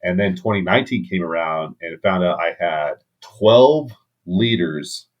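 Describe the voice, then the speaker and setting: A man's voice: deep voice, unhurried, lo-fi sound. A man, a podcast guest, telling a candid story in casual talk, swearing now and then.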